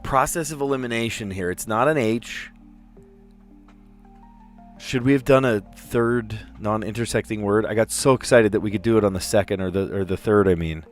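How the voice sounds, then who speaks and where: A word puzzle has this middle-aged streamer reasoning aloud on a laid-back live broadcast. He's excitable and self-deprecating, and his voice falls in the mid range.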